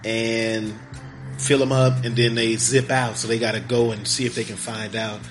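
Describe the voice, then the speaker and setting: A man's voice: mid-range voice, level tone. Man, podcast host, rambling plot recap with acted-out lines, faint music underneath. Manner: rambling, acts out characters' lines in quick voices. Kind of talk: casual movie recap.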